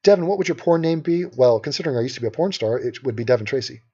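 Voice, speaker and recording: Man, livestream host, brash, sarcastic, mid-pitched, dull lo-fi stream audio. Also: expressive, rapid-fire, a little mellow, slightly rough. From Los Angeles. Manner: brash, sarcastic, reads chat questions aloud. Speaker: livestream host answering chat. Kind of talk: casual livestream chat.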